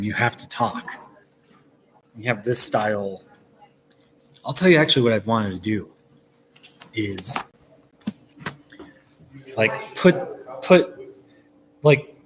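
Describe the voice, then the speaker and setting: A man's voice: mid-range voice, slight background noise, low-quality recording. A man chatting casually and rambling on a live stream from a coffee shop, chuckling often as he talks. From United States.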